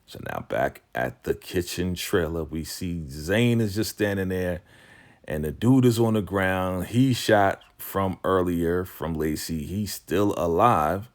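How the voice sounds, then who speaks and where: A man giving a casual, animated recap of a TV episode, talking slangy and laughing as he retells the scenes. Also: deep voice, slow. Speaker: TV recap vlogger.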